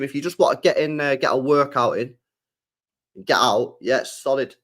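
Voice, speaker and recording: A man's voice: mid-range voice, fairly quick, fairly bright tone. A young man streaming live, reading chat and answering in a slangy, laid-back way, repeating himself and swearing freely.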